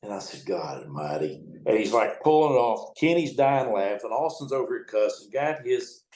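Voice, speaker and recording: A man's voice: mid-range voice, moderate pace, a little mellow. A middle-aged man, a riverboat captain, telling blunt, profane, rambling stories in a casual interview. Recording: echoey room.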